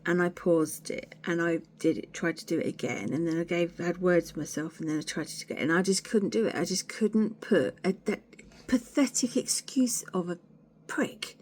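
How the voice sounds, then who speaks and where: A woman's voice: fairly low pitch, slightly rough. A woman, chatting candidly to camera in a rambling, sweary, self-deprecating way. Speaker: vlogger. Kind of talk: candid casual chat to camera.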